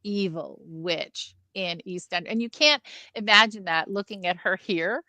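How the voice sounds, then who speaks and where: A woman's voice: medium pitch, a little slow, bright, forceful tone, no echo. A woman co-hosting a casual film review podcast, chatty and enthusiastic with trailing restarts. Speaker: podcast co-host.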